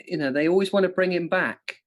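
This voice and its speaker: Man with a higher-pitched voice; comic quiz host, playful and self-deprecating. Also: fast. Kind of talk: casual live-stream quiz banter.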